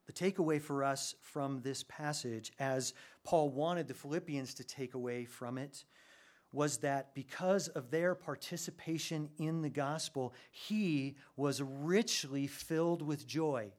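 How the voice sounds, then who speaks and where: A man preaching a sermon, animated, with his voice rising sharply when he gets excited. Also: a little high, unhurried. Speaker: pastor.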